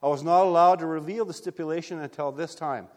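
A man voicing a persistent, formal auctioneer in a sermon story, announcing in a measured way. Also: on the high side, steady tone, darkish tone, long reverb tail, close to an everyday voice.

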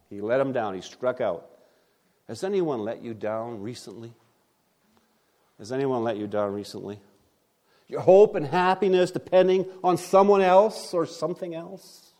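A man preaching a sermon at a church service. He builds points with emphatic stresses and rhetorical questions, rising loud and dropping to quiet asides. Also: fairly high pitch. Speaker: pastor.

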